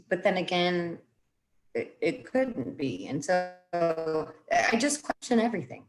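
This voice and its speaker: Woman talking in rambling bursts. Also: lowish voice. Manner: rambling, self-interrupting, quotes her own reactions. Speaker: guest. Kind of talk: casual conversation.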